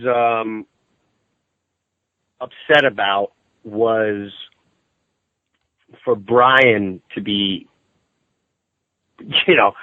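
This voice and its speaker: A man calling in as a guest, telling a story in an animated way and acting out what people said. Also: no echo. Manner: excitable, acts out quotes in shrill outbursts. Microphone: phone call. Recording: tinny dry phone line.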